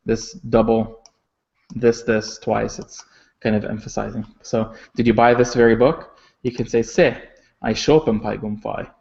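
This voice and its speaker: A man with a gravelly, fairly flat voice teaches a recorded language lesson. He explains patiently with plenty of ums and restarts, then slows down to pronounce each example carefully. The audio is a little dull and muffled. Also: lowish voice. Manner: explains patiently, with frequent fillers and self-corrections; slow, careful pronunciation of example sentences.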